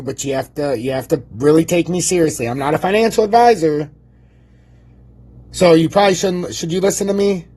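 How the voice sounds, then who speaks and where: A man streaming casual market commentary, brash and boastful, swearing freely and rambling, with a husky voice. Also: high voice, darkish tone. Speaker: crypto chart streamer.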